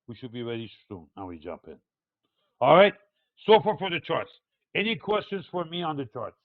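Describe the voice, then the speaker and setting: A man's voice: on the high side, very animated, normal speed, no room sound. Older male analyst with a foreign accent, digressive teacher, thin tinny dry recording. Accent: non-native English accent. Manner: digressive, hesitant, many uh fillers, explaining step by step. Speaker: market analyst teaching a live webinar. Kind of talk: live chart walkthrough for traders. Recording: tinny phone-like dry sound.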